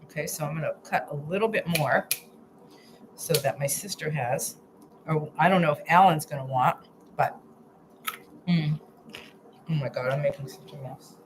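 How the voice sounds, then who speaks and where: With a low voice at a moderate pace, this woman streams live from her home kitchen as a healthy-eating coach. She pauses often, muses aloud while chopping, restarts lines, and hums with pleasure at each taste, over background noise.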